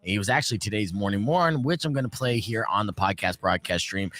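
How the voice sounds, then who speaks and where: A man's voice: fairly low pitch, quick pace, hardly any pauses. A man hosting a morning radio show, telling jokey stories in casual banter. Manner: animated, jokey storytelling.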